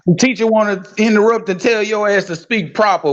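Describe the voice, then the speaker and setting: A man's voice: sits high, brisk, highs cut off. A man in casual podcast chat, laid-back, swearing and often agreeing.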